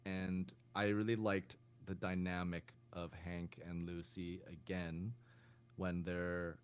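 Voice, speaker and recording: A man with a fairly low voice co-hosting a podcast in casual chat. He rambles and circles back on himself, with plenty of fillers. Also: little pitch movement, slow pace, clean tone. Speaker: podcast co-host.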